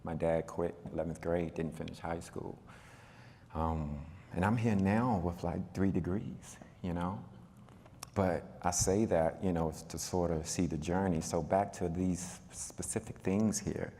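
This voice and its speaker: A man on a panel telling a personal story, talking in a relaxed, conversational way with a lot of fillers. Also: low-pitched, measured pace, slight background noise. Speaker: panel speaker. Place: event hall. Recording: reverberant hall.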